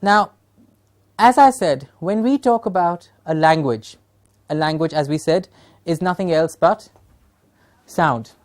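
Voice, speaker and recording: Punjabi woman trainer, fairly low voice. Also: measured pace, a little mellow. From Punjab, India. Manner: emphatic, asks rhetorical questions and checks in with "Yes?". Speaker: teacher trainer. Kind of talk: training workshop lecture.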